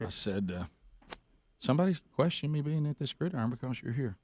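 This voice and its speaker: A man's voice: mid-range voice, fast talker, no room sound. A man hosting a radio show, telling stories in a casual way and acting out the people in them. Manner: animated, acts out the people in his stories. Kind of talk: casual talk-radio storytelling.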